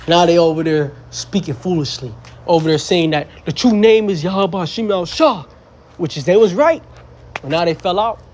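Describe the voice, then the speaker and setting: A man's voice: on the high side, darkish tone, a little hiss or hum. A young man teaching scripture in a blunt, profane, casual way, mocking fools and quoting verses. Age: young adult. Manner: blunt, profane, mocks foolish people in voices. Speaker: street preacher.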